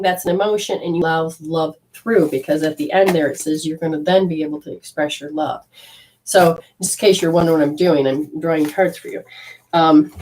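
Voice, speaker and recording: Rambling low-voiced woman giving a reading. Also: darkish tone, poor audio. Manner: rambling, with frequent restarts; affectionate, calls the listener honey. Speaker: intuitive reader for a caller. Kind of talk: spiritual reading and coaching.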